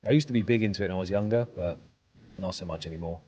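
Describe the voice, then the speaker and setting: A man's voice: low voice, very fast, dark tone, lo-fi sound, a little hiss or hum. A man streaming a game, chatting casually and answering his chat while he plays.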